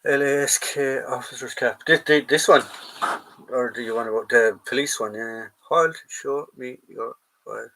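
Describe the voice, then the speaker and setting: A man's voice: medium pitch, little pitch movement, moderate pace, a bit bright, a little hiss or hum, low-quality recording. A man with an Irish accent hosting a live stream in casual, rambling chat, talking to his viewers as lads. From Ireland. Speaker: host of a live collectibles stream. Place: at home, going through a drawer.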